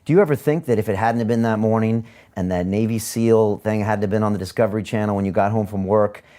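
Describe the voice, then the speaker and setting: A man's voice: lowish voice, fast, warm tone. A man hosting an interview, asking questions and summing up what his guest says. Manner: prompting, sums up the guest's points. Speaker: interview host. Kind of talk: conversational interview.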